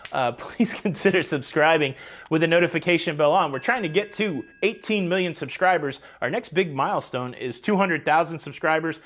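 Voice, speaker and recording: Man, upbeat vlog host, chatty, speaks a touch higher than most. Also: normal speed, fairly bright tone. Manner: chatty, upbeat, addresses viewers directly. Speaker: cruise news vlogger. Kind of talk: casual vlog commentary. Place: outdoors by the ocean.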